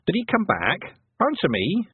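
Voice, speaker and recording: A man's voice: high-pitched, wildly swooping pitch, unhurried, breathy edge, no room sound, voice pushed up, full character voice. A man voicing a panicked farm mother who asks urgent questions in a storybook reading. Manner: urgent, demanding. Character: panicked farm mother searching for her son. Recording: dry, tinny phone-like sound.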